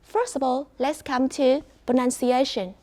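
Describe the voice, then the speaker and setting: Slow high-voiced woman teaching class. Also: fairly even intonation, warm tone. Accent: Vietnamese. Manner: slow, clear teacher talk to a class, praising and prompting students. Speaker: English teacher.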